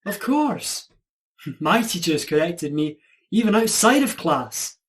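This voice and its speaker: A performer playing a quirky Scottish speech coach. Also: male voice, high-pitched, big pitch swings, takes it slowly, full character voice. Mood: teasing. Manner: patient, teasing teacher. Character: quirky Scotsman accent teacher. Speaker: accent coach. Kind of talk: online student drama. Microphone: video call.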